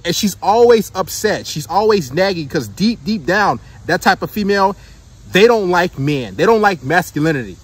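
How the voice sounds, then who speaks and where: A man's voice: high voice, animated, fairly quick, breathy edge. A man giving a preachy monologue of dating advice to the camera, emphatic and repetitive, checking in with his listeners as he goes. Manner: emphatic, repeats points and checks in with "right?" and "okay?".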